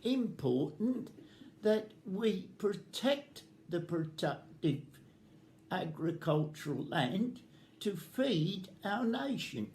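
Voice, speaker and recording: Older man, retired farmer, very slow delivery, emphatic, indignant, faint background noise. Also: high-pitched, big pitch swings, darkish tone. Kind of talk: prepared statement at a community event.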